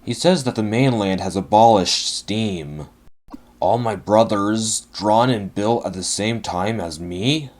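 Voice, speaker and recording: A man's voice: lowish voice, slow, darkish tone. A man voicing a sad, dignified large male express engine who speaks mournfully. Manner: mournful, huffy.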